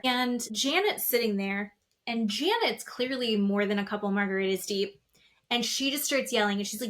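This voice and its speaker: Lively woman podcast host gossiping about reality tv, kinda high voice, does the quotes, swears a lot. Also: moderate pace. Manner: animated, acts out quotes, swears freely. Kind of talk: casual chat recapping reality TV.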